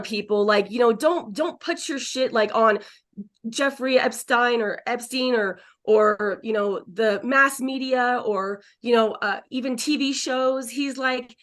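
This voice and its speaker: Woman, psychic medium guest, excitable, chatty, repeats herself, casual swearing, fairly high voice, video call. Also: measured pace.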